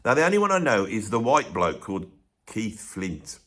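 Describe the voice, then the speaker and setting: A man's voice: fairly low pitch, big pitch swings, moderate pace, a bit bright. A man hosting a ranked music commentary, chatty and opinionated with joking asides. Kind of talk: casual ranked commentary monologue.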